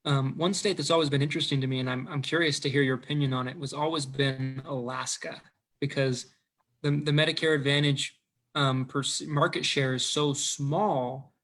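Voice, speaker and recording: A man's voice: mid-range voice, steady tone, moderate pace, a bit bright. Easygoing, hesitant man. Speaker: host. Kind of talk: casual business chat.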